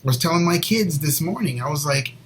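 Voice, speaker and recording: A man co-hosting a Christian show, sharing a personal faith story in an earnest, rambling way and sometimes dropping to a soft near whisper. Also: fairly high pitch, animated, fairly quick, a little hiss or hum, rough recording. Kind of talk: personal faith testimony, casual chat.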